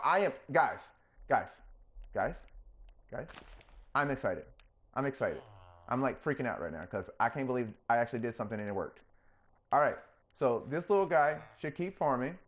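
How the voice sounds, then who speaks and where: A man hosting his own gaming channel, chatting casually through his gameplay and getting openly excited when things work. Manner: coaxes the game character in a higher, playful voice.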